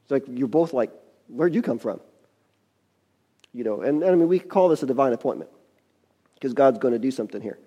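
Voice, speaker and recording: A man's voice: mid-range voice, fast, dark tone, dull audio. A man preaching a sermon, reading scripture and adding folksy, conversational asides.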